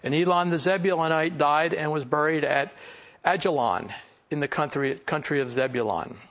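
A man with a Philadelphia accent teaching through a Bible passage in a relaxed, conversational way, with asides and fillers. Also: a little high, moderate pace. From Philadelphia area. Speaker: pastor.

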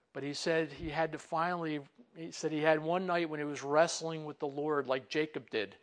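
A man's voice: fairly high pitch, fairly bright tone. A man preaching a sermon in a conversational way, with many asides and muttered inner voices that he acts out. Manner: conversational, with frequent "you know" asides. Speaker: pastor.

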